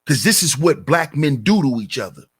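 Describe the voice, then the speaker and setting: Husky, animated man ranting. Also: medium pitch, normal speed. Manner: emphatic, repetitive rhetorical questions. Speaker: channel host. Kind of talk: commentary rant.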